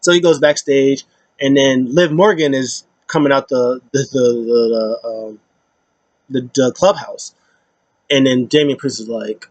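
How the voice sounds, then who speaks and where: A man's voice: mid-range voice, unhurried, no room sound. A man casually recapping wrestling, rambling with many fillers and acting out quotes in put-on voices.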